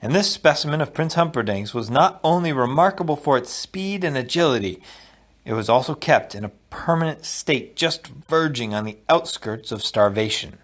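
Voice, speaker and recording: Male audiobook narrator, expressive storytelling, middle pitch. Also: moderate pace. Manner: expressive storytelling, dropping low for asides. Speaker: audiobook reader.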